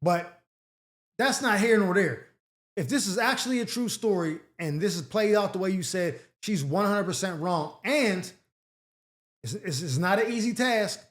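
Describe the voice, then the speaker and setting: A man with a high voice gives casual advice on listener letters. He is blunt and slangy and reacts in an animated way. The room sounds echoey. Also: normal speed. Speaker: advice show host.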